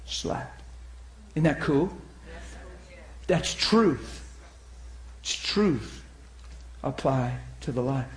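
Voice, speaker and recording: A man preaching a sermon, telling stories and acting out the voices of the people in them, swinging from loud outbursts to hushed tones. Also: medium pitch, expressive, very slow, pauses often. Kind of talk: sermon storytelling. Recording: echoey room.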